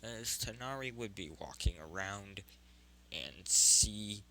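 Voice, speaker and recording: A man's voice: fairly low pitch, animated, slow pace, bright, forceful tone, a little hiss or hum, rough recording. A man narrating an improvised fan story, rambling and often stopping to correct himself.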